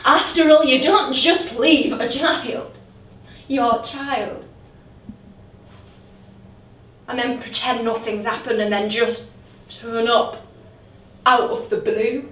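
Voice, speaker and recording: A woman's voice: fairly high pitch, steady tone, a bit bright, a little hiss or hum. A woman playing a lonely grown woman, a drunk, who keeps repeating herself in a stage monologue. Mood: weary. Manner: halting, repeats her words. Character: lonely grown woman, a drunk, waiting for her late dad. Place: theatre stage. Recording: roomy theatre heard from a distance.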